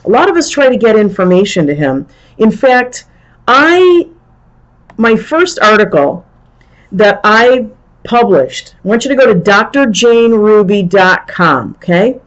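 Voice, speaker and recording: A woman's voice: medium pitch, very animated, measured pace, lo-fi sound. Exasperated woman ranting on a stream. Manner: ranting, exasperated, rambling with restarts. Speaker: show host. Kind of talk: live-stream political commentary.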